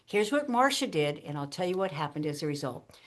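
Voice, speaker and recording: A woman guest on an interview podcast, explaining speaking techniques in an animated, punchy way and laughing often as she teaches. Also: low-pitched, fairly quick.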